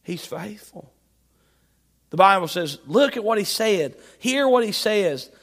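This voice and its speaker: A man preaching a sermon, asking his listeners questions and repeating refrains, moving from emphatic shouts to soft, quiet passages. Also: high voice, very animated, moderate pace, long reverb tail.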